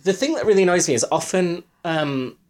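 A man chatting casually, his voice a touch higher than most men's. He tells stories in a wry tone and often breaks into laughter. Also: expressive, fairly quick, a little mellow. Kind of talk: casual chat, storytelling.

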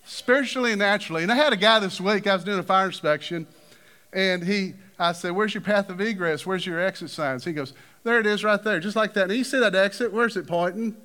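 A man preaching a sermon, acting out the people in his stories with big swings of voice. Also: brisk. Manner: animated, acts out quoted figures with big pitch swings.

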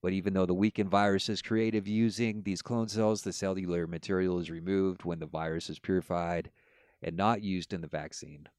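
Low-voiced man, dry close sound. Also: normal speed, smooth, no room sound. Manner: animated storyteller, lively put-on voices. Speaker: podcast co-host. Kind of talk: casual chat.

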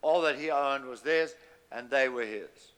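A man's voice: mid-range voice, measured pace, a bit bright, clean tone, long reverb tail. A man preaching a sermon, emphatic and calling on the congregation to repeat after him. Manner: emphatic, call-and-response with the congregation. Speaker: pastor.

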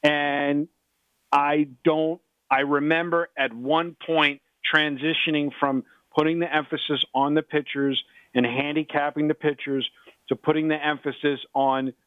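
A middle-aged man who handicaps sports bets talks fast and eagerly, repeating phrases and cutting across the others. His slightly high voice comes through a tinny phone connection with no room sound at all. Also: no room sound. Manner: excitable, repeats himself, talks over others. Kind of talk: sports radio talk. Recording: dry tinny phone line.

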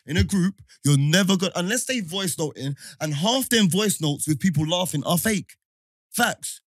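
A man's voice: high-pitched, animated, moderate pace, no room sound, clean studio sound. A young man, co-hosting a podcast in casual banter, joking, laughing at his own jokes and arguing playfully in slang. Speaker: podcast co-host.

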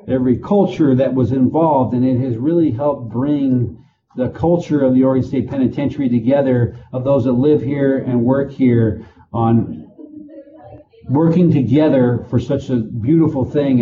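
A man working in prison administration, answering interview questions slowly with many pauses and fillers. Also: mid-range voice, phone-quality sound. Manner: slow, halting, with many fillers.

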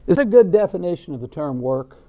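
A man preaching a sermon on baptism in an emphatic way, with frequent restarts and repeated words, shifting loudness and pace. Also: high-pitched, sing-song, fast talker, a little hiss or hum.

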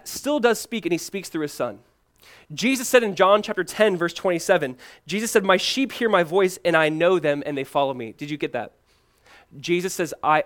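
A male pastor preaching a sermon, swinging from loud emphatic lines to hushed, pleading ones and repeating key phrases. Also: on the high side.

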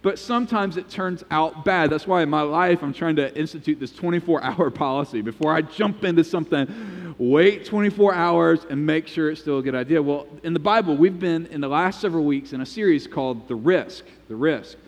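Animated man preaching in a reverberant hall. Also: a little high, a little fast. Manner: animated storytelling, acts out quotes. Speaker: pastor. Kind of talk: sermon. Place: church sanctuary.

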